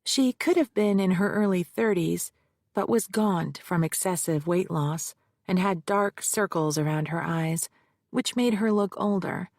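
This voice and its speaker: A woman reads a first-person mystery in a measured, even way. Her voice sits low and carries a gravelly rasp. The recording is dry and close to the mic. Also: dry recording. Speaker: audiobook narrator. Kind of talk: scripted first-person narration.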